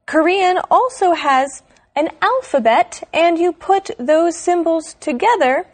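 A woman co-hosting an English lesson program, speaking clearly and deliberately. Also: very high voice, animated. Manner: slow, clear, deliberate delivery. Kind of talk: scripted educational chat.

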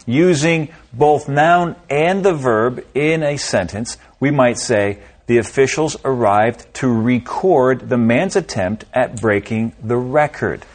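A man speaks at an unhurried pace as a lesson co-host, with a mid-range voice. He explains grammar calmly and reads out example sentences. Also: medium pitch. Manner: calm, measured, gives example sentences. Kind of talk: scripted explanation.

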